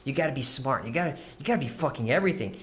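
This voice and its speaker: A man's voice: medium pitch, very fast. Rambling, profane young man telling stories. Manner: rambling, profane, animated storytelling. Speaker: podcast co-host. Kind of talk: casual chat.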